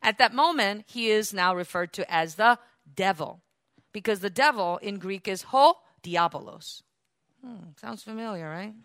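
A woman preacher teaches scripture with animated energy, often turning questions on her listeners. Her voice is bright and forceful, and the recording is dry and close, with no room echo. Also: medium pitch, unhurried. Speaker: Bible teacher. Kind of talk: sermon-style Bible teaching.

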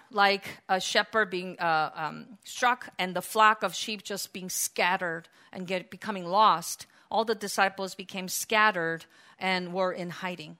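A woman preaching a sermon, moving from quiet, reflective passages to loud, emphatic ones and acting out the quoted lines with drama. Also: mid-range voice.

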